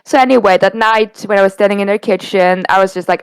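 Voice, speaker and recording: A young woman tells a personal story in a casual podcast chat, acting out what each person said. Her voice is smooth and clear at a middle pitch. The sound is dry and close. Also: quick pace, no echo, poor audio. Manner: candid, retelling a bad date with quoted dialogue. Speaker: podcast co-host.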